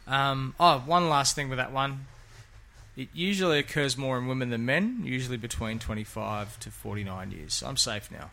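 A man's voice: medium pitch, normal speed, gravelly, pushed and bright. A man, co-hosting a casual podcast chat in a jokey, rambling way. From Australia. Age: 50s. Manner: jokey, rambling, laughs often. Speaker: podcast co-host.

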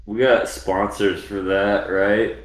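A man's voice: on the low side, flat delivery, slow, roomy sound, a loud crowd. A man co-hosting a podcast, riffing with crude jokes and wordplay. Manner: loud jokey wordplay. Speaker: podcast co-host. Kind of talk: crude casual banter.

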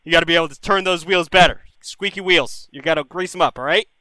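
A man's voice: on the high side, quick pace, pushed and bright, dry recording, poor audio. A man hosting a call-in advice show, giving blunt, profane, bro-style advice to callers. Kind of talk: casual live-stream call-in advice.

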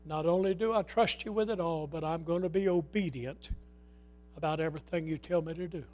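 Middle-aged male pastor with a high voice, preaching with passion and sudden drops to a hush. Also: a little fast. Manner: impassioned, swinging from loud to hushed. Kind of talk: sermon.

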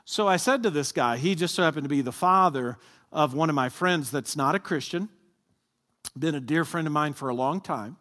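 A man's voice: fairly high pitch, moderate pace, a bit bright. A man preaching a sermon, talking with his congregation and asking them to answer aloud. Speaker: pastor. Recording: long hall reverb.

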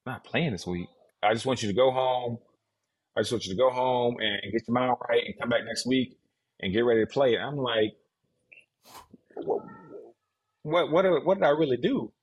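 Husky-voiced man telling a story. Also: mid-range voice, brisk. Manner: animated, mimics others' voices in his stories. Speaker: podcast guest, retired football player. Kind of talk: casual storytelling.

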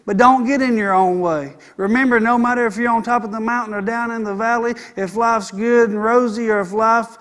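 High-voiced preacher. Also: male voice, fairly even intonation, brisk, hardly any pauses, a bit bright. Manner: preaching with call-and-response "Amen". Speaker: pastor. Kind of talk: sermon.

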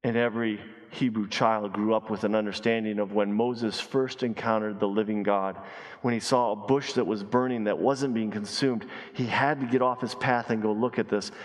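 A man preaching a sermon as pastor, emphatic, repeating key phrases and dropping his voice low and slow to stress a point. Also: fairly even intonation. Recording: long reverb of a large hall.

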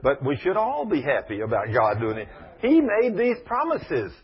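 A man preaching a sermon, telling stories in a folksy, emphatic way with big swings in loudness. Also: wildly swooping pitch, normal speed. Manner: folksy, emphatic, dramatic swings in pitch and volume. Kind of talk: sermon with storytelling. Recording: muffled, husky lo-fi sermon recording.

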